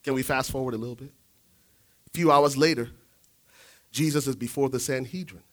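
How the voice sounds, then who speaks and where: A man preaching a sermon, telling the story dramatically, swinging from shouts to hushed asides. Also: mid-range voice, fairly even intonation, brisk.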